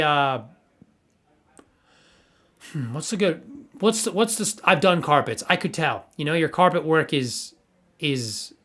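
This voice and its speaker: Young male streamer, slightly high voice, rambling and playful, stammers a lot. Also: a bit bright. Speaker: livestream host reviewing NFT art. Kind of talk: casual livestream chat.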